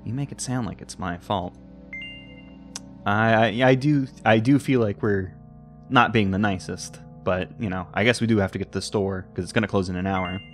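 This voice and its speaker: A young man reads a text game aloud at normal speed, adding playful commentary and jumping between squeaky high and low reading voices. Faint music plays behind him.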